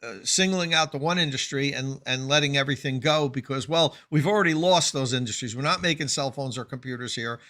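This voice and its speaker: A man's voice: mid-range voice, brisk, few pauses, bright, forceful tone. A man co-hosting a podcast discussion, musing and asking questions aloud.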